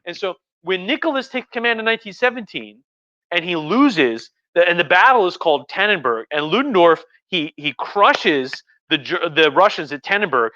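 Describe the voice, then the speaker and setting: A tipsy man hosting a livestream, telling history in a rambling, profane, animated way. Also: high-pitched, normal speed, no room sound. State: tipsy from wine. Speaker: host. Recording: lo-fi livestream audio.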